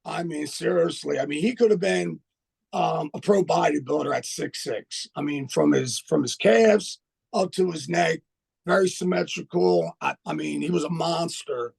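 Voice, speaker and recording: A man's voice: a little high, expressive, moderate pace, creaky, slightly rough. An older man telling his own story as a podcast guest, in a blunt, profane, streetwise manner. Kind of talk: casual storytelling.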